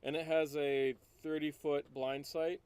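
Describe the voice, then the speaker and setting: A man's voice: fairly high pitch, level tone, unhurried, darkish tone, a little hiss or hum. A man playing a tabletop game who thinks aloud as he explains the rules. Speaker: player.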